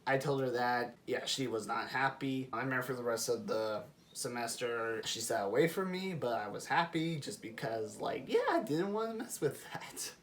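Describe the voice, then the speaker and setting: A man's voice: mid-range voice, normal speed. A young man vlogging, chatting casually as he tells a personal story and laughing along the way. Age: young adult. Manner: animated, chatty, laughs while telling.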